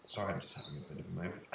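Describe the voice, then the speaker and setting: A low-voiced man with a gravelly edge, gasping out awed, emotional remarks on a live stream. He sounds set back from the mic, with a roomy echo and loud outdoor noise around him. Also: distant mic. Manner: awed and emotional, breathless exclamations. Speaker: live streamer filming the sky.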